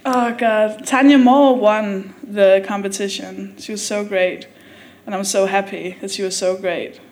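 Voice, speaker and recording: Medium in pitch and a little mellow, her voice keeps a fairly even intonation. The speaker is a Danish comedian guest telling a comic story on a live podcast before a theatre audience whose laughter is heard, and she laughs often, tosses in quick asides and acts out quotes.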